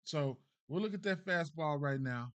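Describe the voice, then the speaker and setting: A man's voice: on the high side, animated, moderate pace, clear, resonant tone, no echo. Slangy man thinking aloud, dry close mic. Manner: loose, slangy, repeats "right?" often; thinks aloud, trails off and restarts. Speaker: sports betting host. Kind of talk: casual betting breakdown.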